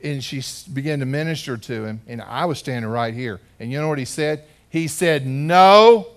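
In a church sanctuary, a male pastor gives a storytelling sermon in an ordinary middle-pitched voice. He tells his story in a relaxed, conversational, brisk way, repeatedly turning to the congregation with questions.

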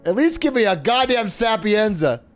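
A man's voice: sits high, very animated, moderate pace, soft background music. A young man livestreaming a video game speedrun, talking casually, laughing often, swearing, and bursting out in frustration. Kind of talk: live gameplay commentary.

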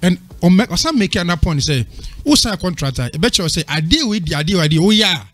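High-voiced man rambling. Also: expressive, quick pace, a bit bright, no room sound, faint music behind. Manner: rambling, stammering restarts. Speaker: panel guest. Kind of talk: casual opinionated debate.

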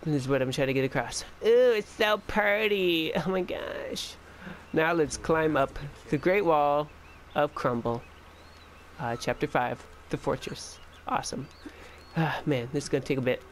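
A man giving casual let's-play commentary as a gaming channel host, excitable and chatty, talking back to the game as he plays. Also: on the high side, normal speed, a little hiss or hum.

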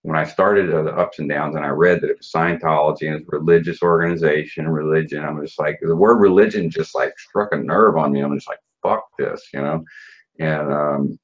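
A man with a low, husky voice recounts his past in a relaxed interview. He talks bluntly, swears freely and trips over restarts and fillers. The recording sounds dull and lo-fi. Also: fairly quick. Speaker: interview guest. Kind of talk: casual recounting of personal story.

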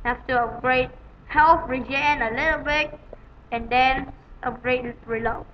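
A woman giving rambling, excitable gameplay commentary on a dull lo-fi home recording, with sudden loud outbursts. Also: high voice, unhurried, a little hiss or hum. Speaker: gaming channel host.

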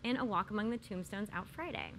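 A woman's voice: mid-range voice, quick pace, fairly bright tone, slight background noise. A woman hosting an entertainment show, introducing the guest in an upbeat presenter style. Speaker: host.

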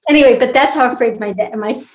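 A woman's voice: on the high side, quick pace, a little mellow, slight background noise, poor audio. A middle-aged woman talking reflectively in a casual interview, laughing often as she shares personal stories. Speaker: guest, near-death researcher.

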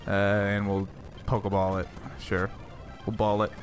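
A man's voice: fairly low pitch, monotone, a little slow, faint music behind. A man hosting a let's play, joking, laughing and repeating silly phrases as he plays. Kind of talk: joking game commentary.

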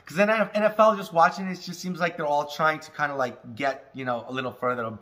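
A man from Alaska ranting casually on his cannabis vlog, swearing constantly and shouting when he gets heated. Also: fairly high pitch, a little fast. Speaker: cannabis vlogger. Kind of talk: casual profane rant. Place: home, indoors.

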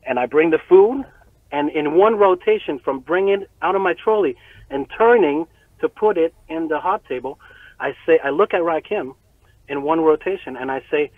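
A man telling a story as an interview guest, profane and animated, often breaking into laughter. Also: fairly high pitch, normal speed, no echo. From Montreal. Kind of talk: casual storytelling. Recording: tinny phone-like line, very dry.

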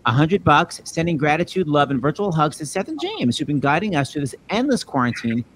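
Guy hosting over video call, kinda high voice, jokey. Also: big pitch swings, fairly quick, a bit bright, a little hiss or hum, rough recording. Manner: playful, teasing. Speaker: host.

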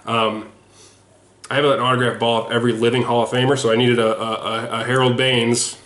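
A man's voice: mid-range voice, flat delivery, brisk, fairly bright tone. Sweaty, rambling man in an echoey room. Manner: rambling and self-deprecating, with frequent ums and restarts. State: sweaty and slightly hoarse throat. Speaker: sports autograph collector showing his mail returns. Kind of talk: casual home video chat. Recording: echoey room with faint noise.

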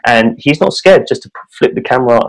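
A man's voice: mid-range voice, lively intonation, fast talker, poor audio. A man hosting a podcast interview, talking in an earnest, casual way and often repeating his words as he builds a point. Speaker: podcast host.

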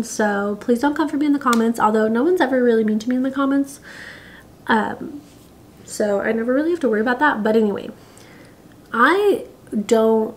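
A pregnant young woman talking casually to camera, chatty and giggly, with lots of fillers. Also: fairly high pitch. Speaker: vlogger.

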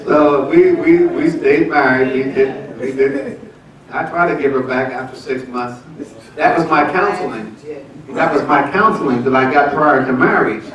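A seventy-something pastor, speaking at normal speed in a mid-range voice, shares a folksy, laughing account of his marriage amid church testimony and announcements. The lo-fi recording, taken from a distance in an echoey sanctuary, has a crowd audible in the background.

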